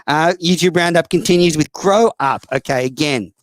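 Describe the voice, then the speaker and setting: A man's voice: a little high, normal speed, dry recording. An Australian man hosting a casual call-in show, blunt, profane and mocking toward callers and other hosts. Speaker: host.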